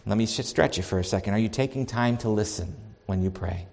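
A man preaching a sermon as pastor, animated and swinging between loud and soft. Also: lowish voice, a little fast, creaky. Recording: long reverb of a large hall.

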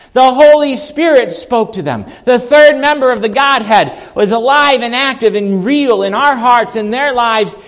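A man preaching a sermon as pastor, animated and swinging between loud and soft. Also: on the high side. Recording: long reverb of a large hall.

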